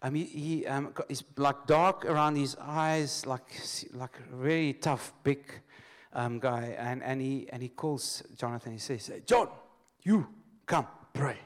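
A man's voice: mid-range voice, fairly even intonation, measured pace. A man preaching a sermon to a church congregation. He leads call-and-response, tells stories with loose restarts and laughs often.

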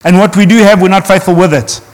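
A man's voice: high voice, quick pace, in a large hall. A man, preaching earnestly to his congregation and asking rhetorical questions. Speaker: pastor. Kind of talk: sermon.

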